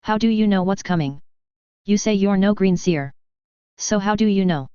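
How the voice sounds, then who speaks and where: A woman's voice: medium pitch, moderate pace, mellow, clean tone, dry recording, lightly acted. A woman voicing a wary, stern warrior woman, asking blunt and suspicious questions in a fantasy story reading. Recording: slightly dull lo-fi dry.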